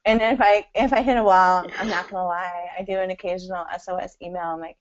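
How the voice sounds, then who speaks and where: A woman's voice: on the low side, fairly even intonation, quick pace, few pauses. Chatty woman guest on lo-fi audio. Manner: chatty, rambling, many "you know" fillers, laughs often. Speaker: interview guest. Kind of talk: casual conversational interview.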